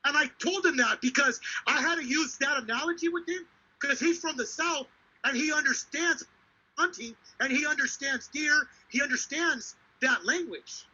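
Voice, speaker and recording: A man with a very high, sharply bright voice tells a story in a heated, profane and emphatic way. He is hosting a live talk show. The recording is dull and lo-fi. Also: moderate pace. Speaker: show host. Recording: dull lo-fi sound.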